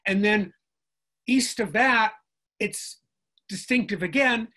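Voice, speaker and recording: An older man, a guest linguistics professor, explaining in a lively, discursive way on a video call and often checking in with "right?". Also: high voice, slow.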